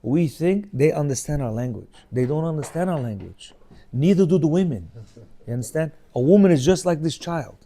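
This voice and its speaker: A man's voice: on the high side, fairly quick. A man in his fifties teaching an informal religious class, telling stories and acting out the dialogue. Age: 50s. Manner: animated storyteller, acts out dialogue in changing voices; asks listeners rhetorical questions.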